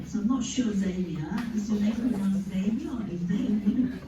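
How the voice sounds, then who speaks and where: A woman speaks on a video call, walking a club through common slips in a patient, explaining way. Her voice sits back from the mic in a boomy, echoing space. A steady hiss of noise runs under her. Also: muffled recording. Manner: patient, explains slowly with examples. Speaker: grammarian at a speaking club meeting. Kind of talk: meeting feedback talk. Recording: echoey, distant, noisy call audio.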